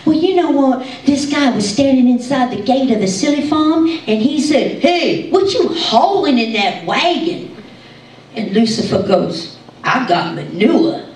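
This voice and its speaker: A woman's voice: expressive, measured pace, darkish tone. A woman playing a folksy, giggly country comedienne, telling jokes in a live stand-up monologue on stage. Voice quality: high, bubbly voice with frequent giggles. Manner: chatty, gossipy country storytelling. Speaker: tribute comedian. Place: stage show in a hall. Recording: echoey hall, mic from far off.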